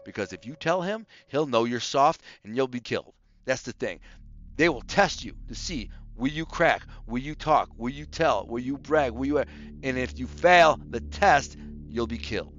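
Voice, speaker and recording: A man casually telling stories from his past in a streetwise, animated way, acting out what others said. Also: medium pitch, moderate pace, lo-fi sound, faint music behind. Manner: streetwise, animated, quotes others in acted voices. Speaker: storyteller recalling his past. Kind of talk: casual storytelling monologue.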